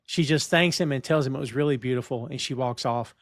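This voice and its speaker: A man's voice: medium pitch, quick pace, no echo. A man co-hosting a podcast who bluntly recaps what happened in a show. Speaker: podcast co-host. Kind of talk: casual chat, recapping an episode.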